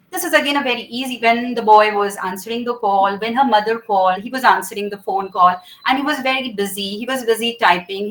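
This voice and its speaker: This is classroom teaching: a woman with a fairly high, fairly bright voice shows students public speaking gestures one at a time, often pausing to ask "okay?" as she performs them. Audio quality is poor.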